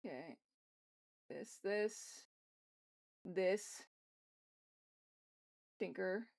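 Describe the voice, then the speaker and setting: A woman's voice: medium pitch, extremely slow, gravelly, darkish tone. A young woman streaming live as she draws, muttering to herself in a frustrated, self-mocking way and swearing often. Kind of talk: casual live-stream chatter while drawing.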